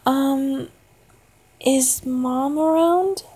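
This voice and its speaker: A woman voicing a frightened young boy who stammers nervously in a high, shaky voice. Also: drawn-out words, mellow, slight background noise. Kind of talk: storytelling.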